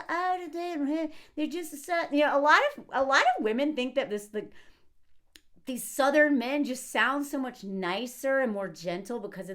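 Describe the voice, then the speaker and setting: A woman in her thirties giving an animated, sarcastic commentary rant as a video host. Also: high-pitched.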